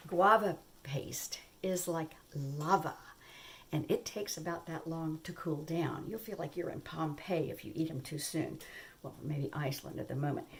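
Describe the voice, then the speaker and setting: A woman hosting her own cooking channel from her home kitchen, chatting casually and enthusiastically as she bakes. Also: lowish voice. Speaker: cooking show host. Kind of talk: casual cooking vlog chat.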